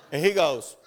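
A man preaches a sermon as a pastor, weaving stories with humor and turning aside to check whether the congregation follows him.

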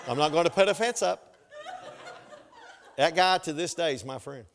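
With a slightly high, creaky voice at normal speed, a pastor delivers a sermon full of humorous storytelling. He makes asides to ask his congregation if they're following along.

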